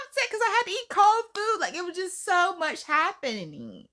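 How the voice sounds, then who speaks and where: A woman telling a casual storytime rant as a vlogger, animated and emphatic, repeating her points for effect. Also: very high voice, normal speed, few pauses.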